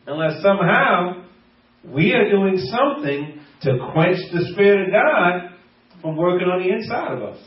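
This pastor's sermon is playful and full of laughter as he mimics everyday talk. His high voice is expressive at a moderate pace, though the recording is dull, echoey, and captured from a distance.

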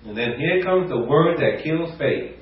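A man preaching a sermon, animated, acting out quotes and rising to near shouts. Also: fairly high pitch, unhurried. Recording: echoey room, distant mic, muffled.

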